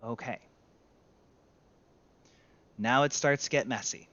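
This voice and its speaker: A data instructor teaches a screen-share tutorial conversationally, correcting himself as he goes. His voice is medium-pitched and slow, with a dry, muffled recording. He stays lively throughout.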